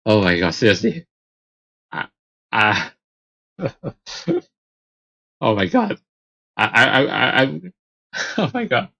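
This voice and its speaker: A woman's voice: very deep voice, big pitch swings, slow pace, vocal fry, long pauses, sharp tone. A woman hosting a let's play, reacting in disbelief to a visual novel with laughter and repeated questions. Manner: incredulous, laughing, repeating "what?". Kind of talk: game commentary.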